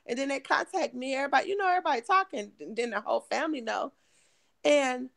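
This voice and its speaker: A middle-aged woman from Michigan, hoarse and emotional, telling her story in an interview with halting, restarting speech. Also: sits high, animated, no room sound. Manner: halting, repeats words, restarts often. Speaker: guest, mother of missing woman.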